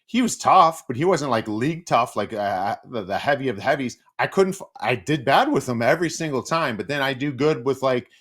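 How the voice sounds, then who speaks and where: A man's voice: brisk, few pauses, husky. A middle-aged man, a former player turned hockey analyst, telling stories as a guest in a casual interview. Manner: animated, acts out quotes with big pitch jumps.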